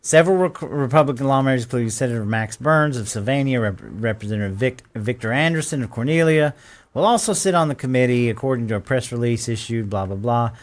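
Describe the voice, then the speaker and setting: A man's voice: medium pitch, lively intonation, quick pace. A man hosting casual political commentary, sarcastic and often laughing as he reads quotes aloud.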